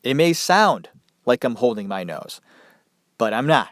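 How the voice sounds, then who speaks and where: A man's voice: medium pitch, sing-song, measured pace, fairly bright tone, no room sound, clean studio sound. Stuffy, nasal man with a cold. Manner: loose and profane, chatty asides. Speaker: podcast host. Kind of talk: casual podcast storytelling.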